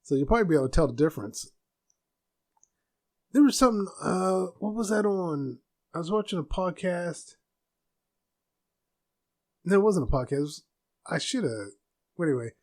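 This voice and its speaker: Man, soft talker, slightly raised pitch, casual rambling podcast chat, home room. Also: animated, normal speed, long pauses. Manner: soft-spoken, rambling with restarts. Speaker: podcast host.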